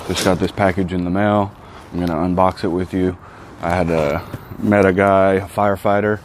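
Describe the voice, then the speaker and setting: Low-voiced man chatting excitedly. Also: normal speed, slight background noise. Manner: rambling, excitable, says dude a lot. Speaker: vlogger. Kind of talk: casual vlog chat.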